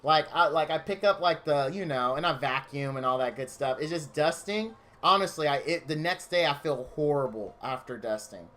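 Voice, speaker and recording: A man's voice: a little high, normal speed, few pauses, a bit bright. A man streaming from his home game room, chatting casually with viewers in a gushing, openly emotional, rambling way.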